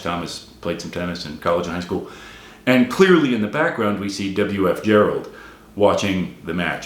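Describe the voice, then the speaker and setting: A man's voice: lowish voice, a bit bright, reverberant. A man giving a wry, emphatic solo critique of a film, repeating his points for effect. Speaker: film commentator.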